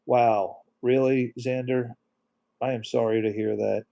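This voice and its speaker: A middle-aged man hosting a casual live stream, talking softly and emotionally while reading viewer comments aloud. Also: mid-range voice, flat delivery, measured pace, gravelly, dull audio.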